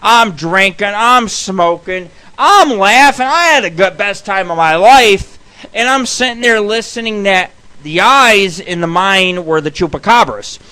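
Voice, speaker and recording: Man, high voice, bright and sharp tone, radio host, rambling crude monologue, loud bursts. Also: animated, a little slow, clear, resonant tone. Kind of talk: profane storytelling monologue.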